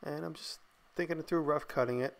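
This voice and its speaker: A man casually narrating a voice-over of his workshop build, thinking aloud in a relaxed, tired way. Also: fairly high pitch, a little fast, gravelly.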